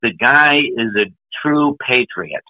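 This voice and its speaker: A man's voice: medium pitch, animated, takes it slowly, dry recording. A man from New England, a podcast guest, talking enthusiastically in a storytelling way with lists of topics. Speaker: podcast guest, business speaker. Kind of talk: conversational interview. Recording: phone-like narrow band.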